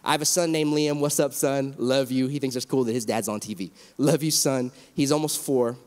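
A man's voice: medium pitch, steady tone, a little fast, darkish tone. A man in his thirties, a pastor, speaking earnestly and emotionally in a panel discussion, often restarting his sentences. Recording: long hall reverb.

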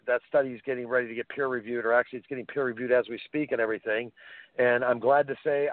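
A man's voice: mid-range voice, no echo. A man, guest on a radio show, telling enthusiastic anecdotes over the phone. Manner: enthusiastic storyteller, animated anecdotes. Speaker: guest, helmet pad inventor. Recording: dry tinny phone line.

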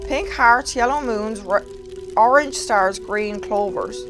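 A woman's voice: on the high side, slow, music in the background. A woman with an Irish accent, a streamer being interviewed, teasing and blunt in casual chat. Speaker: streamer guest.

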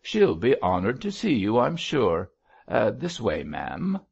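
Quality: husky; a man doing a gruff innkeeper. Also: medium pitch, wildly swooping pitch, a little mellow, dull audio, full character voice. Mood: deferential. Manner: gruff, quick-tempered.

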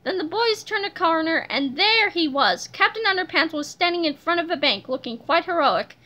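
A woman reads a children's chapter book aloud, telling the story in a lively way. Her voice is very high and bright, with a crisp, energetic edge. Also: normal speed. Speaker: reader.

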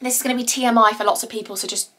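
Young woman, slightly high voice, breathless bubbly vlog chat at home. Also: fairly even intonation, rapid-fire, pushed and bright. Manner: chatty, bubbly, rambling. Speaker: vlogger. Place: at home indoors.

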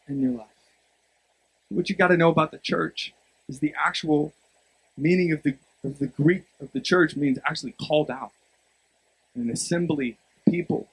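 Young male pastor, husky and a bit high, emphatic sermon delivery. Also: poor audio. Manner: emphatic, swings from quiet storytelling to loud exhortation.

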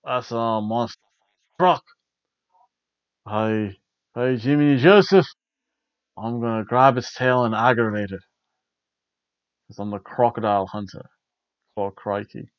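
A man putting on a deliberately bad impression of an excitable male wildlife showman, with loud exclamations and then mumbled lines. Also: medium pitch, no room sound, lo-fi sound, voice pushed down, natural voice. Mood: hammy.

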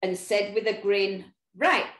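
Brief: animated woman reading to children, slow and very lively, in an echoey room. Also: medium pitch. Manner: expressive, talks to young listeners. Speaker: children's storyteller. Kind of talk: animated read-aloud for children.

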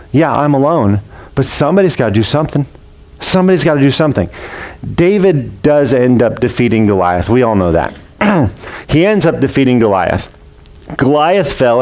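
A man's voice: mid-range voice, a little mellow. Emphatic man preaching a sermon. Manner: earnest, emphatic preaching with repeated lines. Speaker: pastor.

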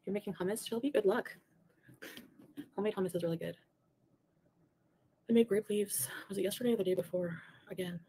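A woman's voice: medium pitch, a little fast, pauses often, mellow, slightly rough. A woman on a played livestream clip, rambling and greeting viewers by name. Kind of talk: chatty livestream talk to viewers.

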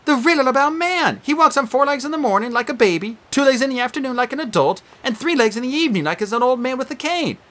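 A woman's voice: lively intonation, quick pace, hardly any pauses, a bit bright. A woman voicing a fussy, snappish female sphinx monster who runs a quiz in an audiobook. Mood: snippy. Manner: prim, snappish, high and drawn out.

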